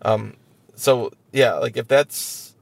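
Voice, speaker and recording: A man co-hosting a casual sports podcast, talking haltingly with many stammered restarts, from a parked vehicle outside an arena. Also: mid-range voice, gravelly, no room sound. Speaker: podcast co-host.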